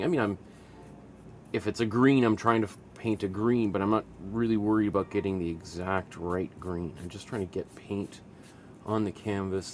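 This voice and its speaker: Rambling man teaching painting, low voice. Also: a little hiss or hum. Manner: rambling, self-talking, with restarts and soft laughs. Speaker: art teacher. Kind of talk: relaxed painting lesson, thinking aloud.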